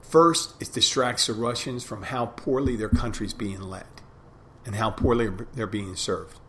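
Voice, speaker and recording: Slow, low-voiced man musing aloud. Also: fairly bright tone, a little hiss or hum. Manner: reflective, rambling with restarts. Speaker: podcast host. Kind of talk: casual monologue.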